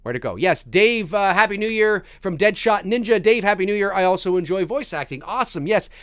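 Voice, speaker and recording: A man with a fairly high voice hosts a loose, casual live chat and reads viewers' questions aloud. He rambles, trips over his words and circles back on himself. The sound is dry and close, recorded in a home studio. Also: lively intonation, brisk, clean tone, dry recording. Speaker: live stream host answering viewer questions; voice actor.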